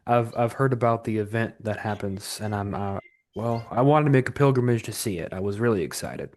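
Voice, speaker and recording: A man playing his character in a tabletop game, hesitant and soft-spoken with repeated starts. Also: fairly low pitch, a little fast. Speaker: player. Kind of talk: in-character role-play.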